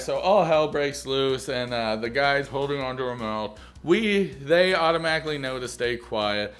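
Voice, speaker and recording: A man's voice: mid-range voice, fairly bright tone. A man rambling through a casual, jokey movie review, loose and self-mocking, swearing often.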